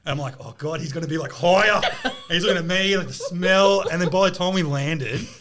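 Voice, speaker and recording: An Australian man in casual podcast chat, an animated storyteller who laughs and swears. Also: high voice, a little fast. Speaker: podcast co-host.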